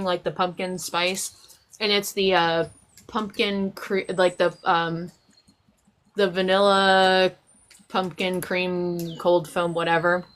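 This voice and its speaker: A woman's voice: lowish voice, flat delivery, slow, fairly bright tone. A woman hosting a casual live stream chat, rambling with many fillers and restarts.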